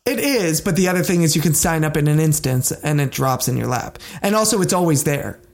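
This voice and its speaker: A podcast co-host talking casually in a rambling, animated way. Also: mid-range voice, a little fast.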